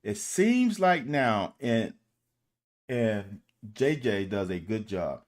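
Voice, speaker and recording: A man giving casual commentary on football game film. He talks to viewers directly and critiques the plays in an animated, exasperated way, with swearing. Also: mid-range voice, slow. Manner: addresses viewers directly as "y'all". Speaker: football film breakdown host.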